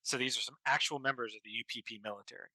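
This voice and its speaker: A man running a tabletop game as game master, narrating in a halting way with many ums and restarts. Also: mid-range voice, pushed and bright, no room sound, low-quality recording.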